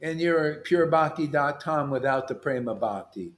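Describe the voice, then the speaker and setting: Man, high voice, fiery mocking preacher who yells and laughs. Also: animated, moderate pace. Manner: loud and mocking, yelling at times, laughing. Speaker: spiritual teacher. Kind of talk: animated sermon.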